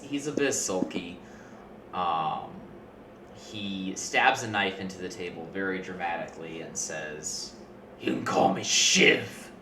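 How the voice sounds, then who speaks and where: A man running a tabletop game as game master, narrating in an unhurried, laid-back way. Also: deep voice. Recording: distant roomy mic with background noise.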